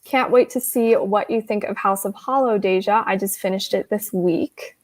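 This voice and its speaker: A woman's voice: medium pitch, moderate pace. A young woman hosting a casual livestream chat, giggly and rambling, filling her talk with "like". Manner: giggly, chatty, rambling with many "like"s. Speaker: host reading live chat.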